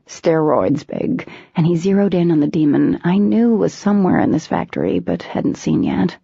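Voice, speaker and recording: A woman's voice: fairly low pitch, vocal fry, dark tone, breathy edge, dry recording. A woman reading a novel aloud in first person, with dramatic, tense storytelling. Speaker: audiobook narrator. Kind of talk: first-person scripted narration. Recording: dull lo-fi recording.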